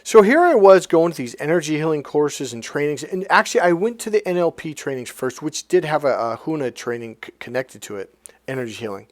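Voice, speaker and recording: A man's voice: on the high side, animated, a little fast, no room sound. A man, a life coach, telling a personal story in a rambling, blunt, casual way, swearing now and then.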